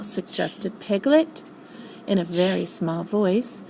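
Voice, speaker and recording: An older woman, a grandmother, reading a storybook aloud in an expressive, animated way. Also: mid-range voice, unhurried, creaky, slight background noise, rough recording.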